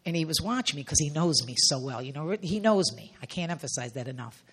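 A middle-aged woman preaches with a husky, breathy voice. She tells a personal testimony with real intensity. Her voice often sinks to soft, hushed near-whispers. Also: low-pitched, animated, fairly quick. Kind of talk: emotional sermon testimony.

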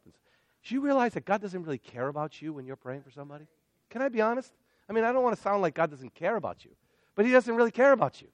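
A male pastor preaching a sermon in an animated way, swinging between loud emphatic lines and hushed asides. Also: high voice, quick pace, dry recording.

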